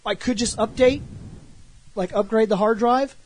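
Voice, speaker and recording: Animated man telling a gaming story. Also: sits high, moderate pace, slight background noise. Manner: animated storytelling, acts out quotes, swears freely. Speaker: podcast co-host. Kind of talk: casual gaming chat.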